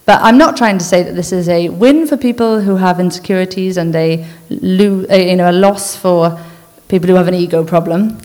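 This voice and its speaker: A woman giving an informal church talk, speaking earnestly in a conversational way and then reading a list slowly and deliberately. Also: on the low side, dark tone. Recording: long hall reverb.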